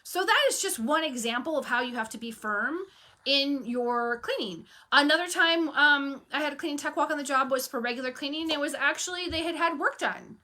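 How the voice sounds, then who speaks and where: A woman's voice: high voice, brisk. A woman coaching on running a cleaning business, telling stories frankly and firmly, acting out bits of dialogue. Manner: animated storytelling, acting out dialogue; firm and frank. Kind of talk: casual talk to camera.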